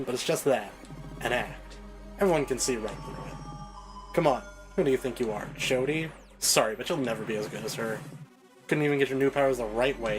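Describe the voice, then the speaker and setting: A man's voice: medium pitch, voice pushed down, lightly acted, poor audio. A man voicing a taunting mirror-self woman. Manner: taunting, sarcastic. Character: mocking mirror self, cruel young woman. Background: game soundtrack music.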